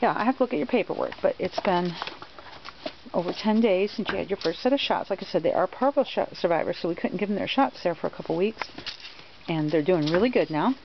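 A woman fostering dogs narrates a home video shot on a handheld camera, moving in and out of doors and coaxing the dogs in a sing-song voice. Her voice is on the low side, expressive and fast, and the audio is dull, lo-fi and loudly noisy.

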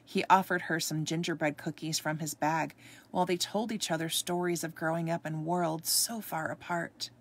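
Gravelly, low-voiced woman reading a story. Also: moderate pace. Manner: expressive read-aloud, occasional stumbles. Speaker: storybook reader. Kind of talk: reading a ghost story aloud.

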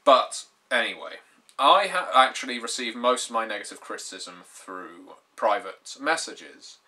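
A twenty-something British man hosting a YouTube gaming channel speaks casually to camera, dry and sardonic with a wry sense of humor. His mid-range voice is bright and forceful, at a measured pace.

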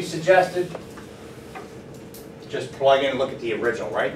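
A man teaching a math class, lively and encouraging, often asking the students questions. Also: mid-range voice, moderate pace, pauses often. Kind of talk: classroom lecture. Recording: roomy classroom from far off, faint noise.

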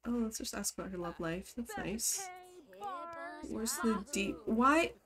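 A woman's voice: fairly high pitch, big pitch swings, a little slow, crowd noise. A woman streamer giving casual live commentary on a life-simulation game, bursting into laughter and scolding her game characters.

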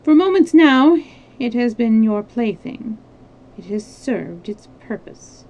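A woman's voice: a little high, sing-song, slow, warm tone, highs cut off, slight background noise, heavily acted. A woman reading aloud and voicing a proud English nobleman who speaks in an icy, restrained way.

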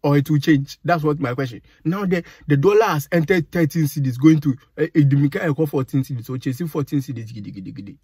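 Ghanaian man vlogger, slightly high husky voice, dry close sound, indignant rant. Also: fast, hardly any pauses, a little mellow, no echo. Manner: exasperated, indignant, mixes Pidgin and Twi. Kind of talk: ranting commentary.

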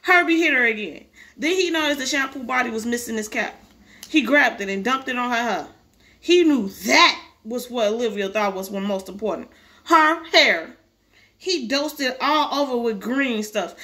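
A woman's voice: a little high, moderate pace. A woman reading a children's book aloud, breaking off for casual, profane comments on the story. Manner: animated, profane side commentary.

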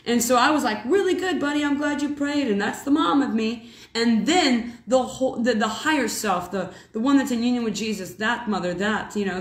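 A woman in her thirties, a mother, telling a rambling spiritual story in a casual, animated way. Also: a little high. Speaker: mother and preacher. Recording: echoey room.

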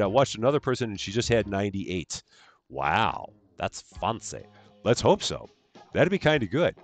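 A man hosting a live game stream, greeting viewers by name in a cheerful sing-song lilt. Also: low voice. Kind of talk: live gameplay stream chat.

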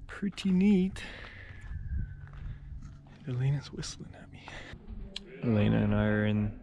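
A man narrates a travel vlog on a handheld camera out in the desert, his voice carrying a gravelly edge. He is chatty and playful, and now and then drops to a whisper. Loud wind and outdoor noise run under everything he says. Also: on the low side, fairly even intonation, brisk. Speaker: travel vlogger.

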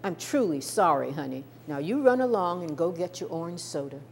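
A firm, no-nonsense waitress speaks plainly and loudly, with a lively rise and fall in her voice, as a woman storyteller puts her on. Faint room noise stays in the background. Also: medium pitch, normal speed, close to an everyday voice. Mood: apologetic. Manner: firm, flat refusal. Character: stern lunch-counter waitress, firm then gentle.

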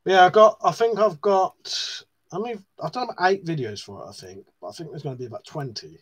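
A man's voice: fairly high pitch, animated, quick pace, slightly rough. Chatty man swearing on a live stream. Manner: chatty, swears often, laughs at himself. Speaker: live stream host reading chat. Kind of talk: casual live-stream chat.

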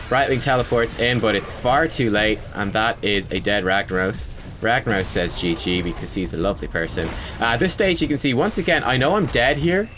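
A man talks through his own match replay in an easygoing, conversational way, often pausing on fillers and owning up to his mistakes. His voice sits at an ordinary middle pitch, with a faint hum of background noise. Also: fairly bright tone. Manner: conversational, frequent fillers, self-critical. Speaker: gaming video creator. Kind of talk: gameplay analysis commentary.

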